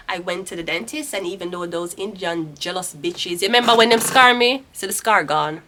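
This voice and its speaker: A woman's voice: lowish voice, fast, hardly any pauses, noisy background. A woman in her thirties with a Jamaican accent giving a casual tarot reading, ranting bluntly and swearing freely. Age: 30s. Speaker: tarot reader.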